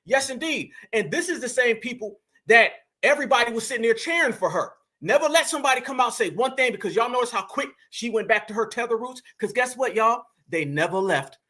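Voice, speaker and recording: High, bright-voiced man heckling a clip. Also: a little fast, hardly any pauses. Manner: animated, heckling, repeats "y'all". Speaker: commentary channel host. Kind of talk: reaction commentary.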